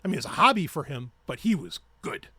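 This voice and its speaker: A man's voice: a little high, sing-song, fast, pushed and bright, breathy edge. A man hosting his own podcast, ranting in a heated, profane and sarcastic way. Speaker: podcast host. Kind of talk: ranting solo podcast talk.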